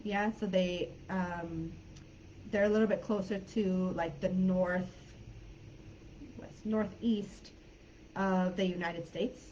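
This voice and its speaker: A woman's voice: lowish voice, steady tone, takes it slowly, long pauses, darkish tone, muffled recording, a little hiss or hum. A woman with a Californian accent, an English teacher talking through a live online class in a friendly, chatty way with plenty of fillers.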